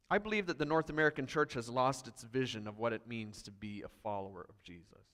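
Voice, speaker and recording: A man's voice: medium pitch, fairly bright tone, big-room sound. A man pastor preaching a sermon emphatically, reading scripture aloud with growing intensity. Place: church hall.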